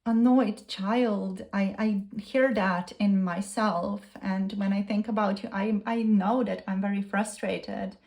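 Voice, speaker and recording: Woman tarot reader at a medium pitch, voicing a gushing, repetitive channeled love message. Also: fairly even intonation, slow pace, hardly any pauses, a little mellow.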